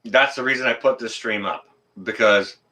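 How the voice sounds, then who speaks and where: Man, livestream host, heated rant, forceful bright tone. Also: medium pitch, moderate pace. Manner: fired-up, swears then apologizes.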